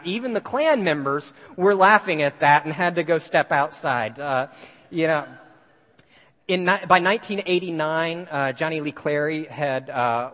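A man telling a story to an audience in an animated way, with many fillers and restarts. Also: on the high side. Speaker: speaker. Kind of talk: storytelling talk. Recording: long hall reverb.

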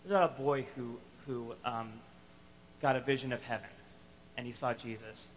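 A man preaching a sermon to a congregation, animated and emphatic, acting out the lines he quotes. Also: mid-range voice, moderate pace, in a large hall, a little hiss or hum, low-quality recording. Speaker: pastor.

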